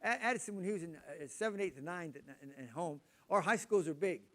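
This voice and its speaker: An older man with a drawl preaches to his congregation in a loose, conversational way. He stumbles over and repeats his words, and he breaks off to ask the room questions. His voice sits a little higher than most men's. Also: animated, fast talker, a bit bright. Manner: rambling, repeats words, chatty asides to the audience. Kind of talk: casual sermon talk.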